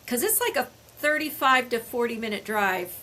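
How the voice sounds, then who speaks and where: High, bright-voiced older woman telling stories. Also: moderate pace. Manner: lively storyteller, acts out exchanges with her son. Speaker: podcast co-host. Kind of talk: casual chat.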